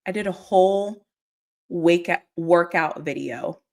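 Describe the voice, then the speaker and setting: A woman's voice: lowish voice, takes it slowly. A young adult woman hosting a casual livestream, chatting with her viewers and laughing often. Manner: giggly, animated, laughs often. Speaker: livestream host. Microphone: desk mic.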